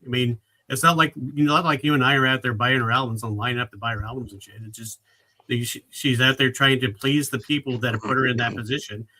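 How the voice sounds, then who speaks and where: A man's voice: mid-range voice, fairly even intonation, quick pace, pushed and bright, poor audio. A man appearing as a podcast guest who speaks bluntly and emphatically in casual chat.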